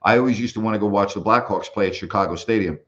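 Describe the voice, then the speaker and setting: This older ex-basketball broadcaster talks fast in a lowish voice, animatedly telling interview stories and mimicking the people he quotes. The audio is dull.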